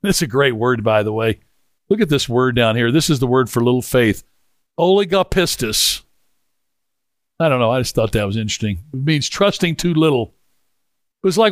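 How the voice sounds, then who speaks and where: A man preaching a sermon in a conversational way, with halting restarts, dropping lower when he reads scripture. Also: lively intonation, dry recording, clean studio sound. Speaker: pastor.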